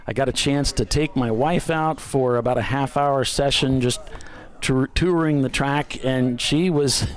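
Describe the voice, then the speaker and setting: A man co-hosting live race commentary, chatty and relaxed, with easy laughs. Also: medium pitch, unhurried.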